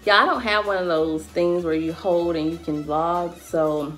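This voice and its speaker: Woman, late 20s, playful chatty vlogger, lowish voice, faint music under her. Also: unhurried, fairly bright tone. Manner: chatty, playful, addresses viewers as y'all and baby. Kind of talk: casual home-tour vlog. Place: her living room at home. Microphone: handheld camera with ring light, moving around.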